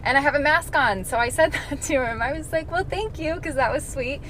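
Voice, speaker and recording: A woman's voice: high-pitched, brisk, fairly bright tone, slight background noise. A woman telling a funny encounter in an amused way. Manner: amused, laughing storytelling. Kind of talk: storytime video.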